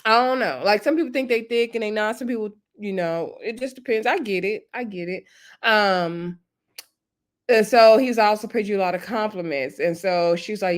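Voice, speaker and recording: A woman's voice: mid-range voice, normal speed. Woman, casual recap, chatty storyteller, slips into quoted voices, mid-range voice. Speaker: reality TV recap vlogger.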